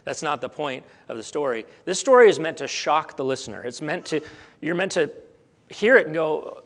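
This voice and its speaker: Animated and brisk, a middle-aged pastor with a somewhat high voice tells his sermon as a story. His delivery surges to emphatic moments and then quiets, with words often repeated as he thinks aloud.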